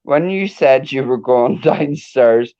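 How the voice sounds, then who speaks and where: A woman co-hosts a casual livestream chat, speaking very slowly while her pitch swings widely. She laughs a lot and sighs and groans between remarks. The video-call sound is dull and lo-fi. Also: expressive, dark tone. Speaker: co-host. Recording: dull lo-fi stream audio.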